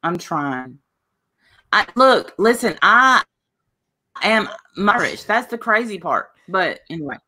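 A woman's voice: mid-range voice, big pitch swings, slow pace, sharp tone. A woman hosting a casual livestream chat over a video call, talking in a drawling, rambling way. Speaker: host.

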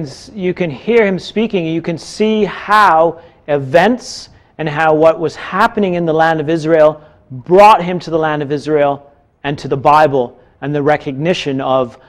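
A man's voice: on the high side, moderate pace. A man teaching a Bible class, explaining in a casual, chatty way with frequent fillers.

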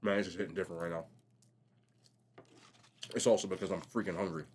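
A young man vlogging casually while eating, telling stories in a slangy, animated way. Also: sits low, fast talker, husky. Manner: animated, slangy storytelling, says bro a lot. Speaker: mukbang vlogger.

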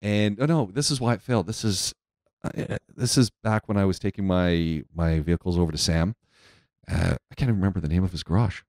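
A man's voice: sits low, brisk, a little mellow, no room sound, studio quality. A man hosting a podcast, telling stories in a chatty way and laughing often. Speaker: podcast host. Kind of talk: casual chat.

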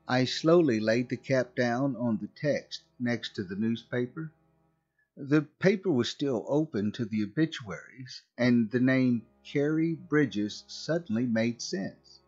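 A man narrating a scripted horror story in a slow, measured way. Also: medium pitch, a little mellow, breathy edge. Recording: muffled recording with faint music.

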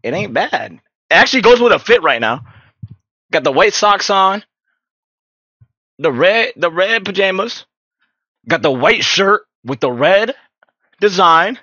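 A young man chatting casually to his live-stream chat, animated and full of slang, in his just-woken-up morning voice. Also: sits high, measured pace, pauses often, no room sound, dull audio.

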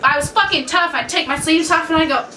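A woman's voice: sits high, fast, very noisy. A young woman telling brash, swear-filled stories in a casual chat, laughing as she goes. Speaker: co-host of a couple's vlog. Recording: echoey room from far off.

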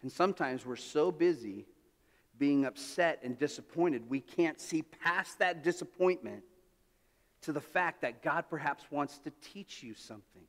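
Male pastor, high voice, conversational storytelling sermon, restarts and asides, reverberant church hall. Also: lively intonation, unhurried. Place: church sanctuary.

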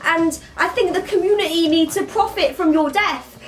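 A woman's voice: extremely high pitch, moderate pace, far from the mic, voice pushed up. A woman doing a smug young royal. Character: smug young male royal trophy hunter.

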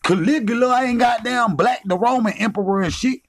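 A man's voice: very high voice, normal speed. A man delivering a heated, profane, taunting rant as a vlogger. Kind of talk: confrontational rant.

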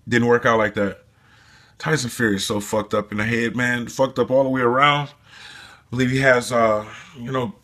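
A man's voice: mid-range voice, bright, forceful tone. A man vlogging his opinions in a loose, rambling rant, swearing often and filling gaps with "you know" and "man". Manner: rambling, profane, frequent fillers. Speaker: boxing commentator vlogger.

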